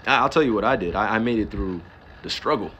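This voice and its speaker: A man's voice: fairly low pitch, lively intonation, fast, a bit bright, a little hiss or hum. A man from New Jersey ranting on a livestream, firing off rhetorical questions and cursing for emphasis. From Newark, New Jersey. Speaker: livestreamer and pro athlete. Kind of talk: casual livestream rant.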